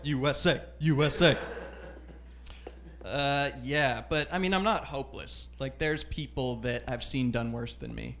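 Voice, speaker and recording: A man doing a stand-up routine on a comedy club stage into a handheld mic, telling stories in a deadpan, self-deprecating way. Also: mid-range voice, measured pace.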